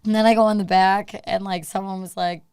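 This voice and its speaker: A young man hosting a casual comedy podcast, telling stories with animated quoted voices and lots of swearing. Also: sits high, fairly quick, clear, resonant tone, no echo, clean studio sound. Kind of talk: casual boozy chat.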